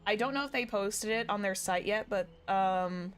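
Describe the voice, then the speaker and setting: A woman's voice: medium pitch, moderate pace, soft background music. A young woman streaming a game, chatting in a rambling way and correcting herself often. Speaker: VTuber streamer. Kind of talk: live game stream commentary.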